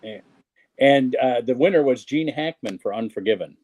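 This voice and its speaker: A man's voice: mid-range voice, expressive, moderate pace, a little mellow, breathy edge, lo-fi sound. A man in a casual chat among comedians, reading off film facts with some hesitation. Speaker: comedian guest.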